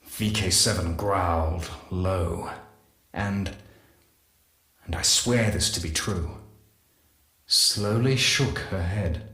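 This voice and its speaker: Solemn male scientist, game audio log, very slow, measured. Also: lowish voice, a bit bright, echoey room. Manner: measured, grave, reflective. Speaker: morphology specialist.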